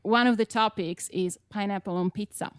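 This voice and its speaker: A woman's voice: medium pitch, fairly even intonation, normal speed, clear, resonant tone. A woman in her twenties with an Italian accent, a singer-songwriter chatting as a guest in an interview. She is easygoing, laughs often and talks with many fillers. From Italy. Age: 20s. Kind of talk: casual interview chat.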